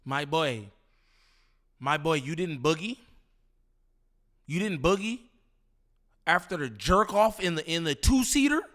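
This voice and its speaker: Casual male reaction host, slangy and disbelieving, slightly high pitch. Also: lively intonation, unhurried, pauses often, a bit bright. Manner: incredulous, slangy, repeats himself, laughs. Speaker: commentary host reacting to a clip.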